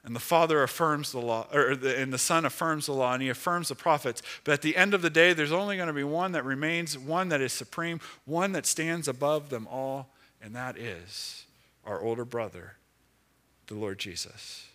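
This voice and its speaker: A man preaching a sermon, rising to loud emphatic lines and dropping to slow, hushed words. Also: mid-range voice.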